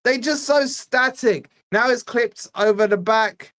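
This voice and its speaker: A young man from Scotland hosting a live fan watch-along, giving exasperated, chatty play-by-play and reading out viewer shout-outs. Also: extremely high pitch, a little slow. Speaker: fan channel host.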